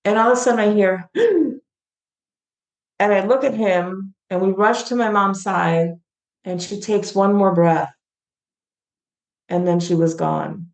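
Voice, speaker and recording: A middle-aged woman, founder of a gratitude platform, tells heartfelt stories as an interview guest, earnest and emotional. Her medium-pitched voice is creaky, with fairly even intonation, a measured pace, and long pauses, recorded in a roomy space.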